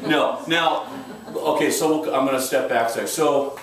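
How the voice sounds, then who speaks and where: A man's voice: medium pitch, moderate pace, fairly bright tone. Intense male self-defense instructor, echoey room. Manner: intense, emphatic, direct. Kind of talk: teaching a class. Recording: echoey room, mic far off, faint noise.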